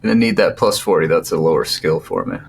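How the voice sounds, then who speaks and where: A man playing a tabletop game, talking in a playful, animated way. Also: low voice, quick pace, gravelly, noisy background. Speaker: player. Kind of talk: casual table talk.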